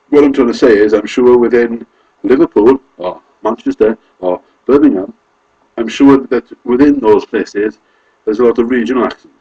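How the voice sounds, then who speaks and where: A man's voice: medium pitch, warm tone, husky, dull audio. A man from Wales with a Carmarthenshire accent, talking casually to camera in a rambling, self-correcting way. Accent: Welsh, Carmarthenshire. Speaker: vlogger.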